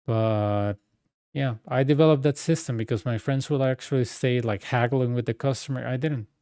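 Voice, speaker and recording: Mellow-voiced man. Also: medium pitch, steady tone, moderate pace, dry recording, clean studio sound. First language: Spanish. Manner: rambling, full of fillers and asides. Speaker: game streamer. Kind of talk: casual storytelling chat.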